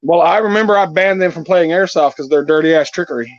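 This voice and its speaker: A man's voice: a little high, quick pace, no room sound. A man hosting a casual live chat, telling stories with lots of swearing. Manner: profane, animated storyteller. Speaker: channel host. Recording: dull lo-fi dry sound.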